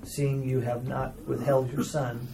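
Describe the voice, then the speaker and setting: A man in a class reading scripture aloud, slow and measured. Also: medium pitch, level tone, vocal fry. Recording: noisy room audio.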